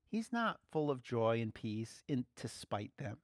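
A man's voice: medium pitch, very animated, measured pace, no echo, studio quality. A man giving a casual, playful sermon, laughing often as he speaks. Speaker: preacher.

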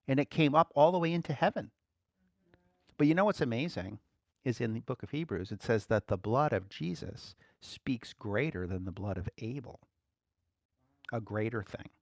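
A man's voice: mid-range voice, dry recording, studio quality. A man preaching a casual, conversational sermon, chuckling now and then and acting out quoted voices.

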